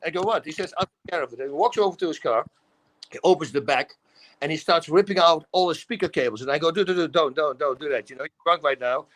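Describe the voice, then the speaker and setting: A middle-aged man with a Dutch accent, telling animated stories in a casual talk show. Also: a little high, fast talker, low-quality recording. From Netherlands. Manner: animated storytelling, acts out quotes, laughs often. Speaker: guest. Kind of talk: casual storytelling.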